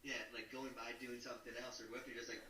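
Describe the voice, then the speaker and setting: A man's voice: mid-range voice, flat delivery, racing, a crowd in the background. A young man guest from South Carolina and Milwaukee, talking in a casual, rambling way. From Charleston, South Carolina, then Milwaukee. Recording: echoey playback from far off.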